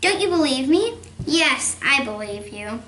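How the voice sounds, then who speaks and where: Eager, wide-eyed young boy, read by a woman; high and slow, echoey room. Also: very animated, sharp tone, a little hiss or hum, exaggerated voice.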